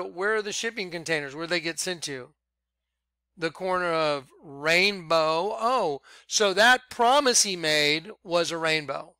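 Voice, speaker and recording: Man, informal scripture preacher, emphatic and insistent, bright clear voice, dry sound. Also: on the high side, no room sound. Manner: emphatic, repeats "watch", drawn-out words for emphasis. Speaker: self-styled preacher. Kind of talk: reading scripture aloud with commentary.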